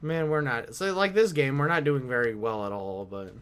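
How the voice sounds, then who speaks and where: Bright-voiced rambling male gaming streamer. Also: mid-range voice, moderate pace, smooth. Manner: rambling, animated storytelling with mimicked quotes; swears freely. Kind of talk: casual gaming stream chat.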